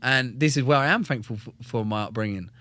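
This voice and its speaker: A young man, a former soldier and fighter, telling stories bluntly with heavy swearing and acting out what others said. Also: fast talker. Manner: blunt, animated, acts out quotes with shifting pitch. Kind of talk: casual storytelling with heavy swearing.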